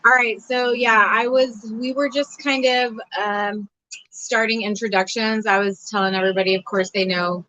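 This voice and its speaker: Bright-voiced chatty woman livestream host. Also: a little high, steady tone, moderate pace, dull audio, a little hiss or hum. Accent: Oklahoma. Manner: greets chat viewers by name, chatty. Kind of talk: casual livestream chat.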